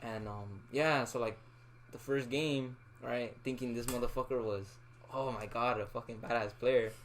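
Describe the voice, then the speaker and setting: A man's voice: medium pitch, moderate pace, slight background noise. A young man co-hosting a casual chat with friends, telling stories full of slang and swearing and acting out what people said. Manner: animated storyteller, heavy slang and swearing, acts out quotes. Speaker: podcast co-host.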